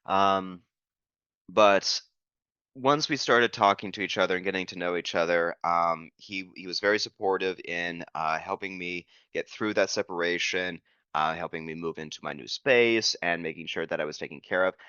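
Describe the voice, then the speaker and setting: A man's voice: deep voice, moderate pace, pushed and bright, clear, resonant tone, no echo, lo-fi sound. A man guesting on a podcast, talking in a casual interview in an earnest, playful way.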